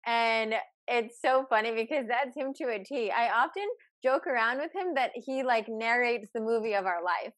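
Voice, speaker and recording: A young woman hosting an interview, eager and quick, laughing easily with frequent fillers. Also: on the high side, no echo. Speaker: podcast host. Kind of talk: casual interview chat.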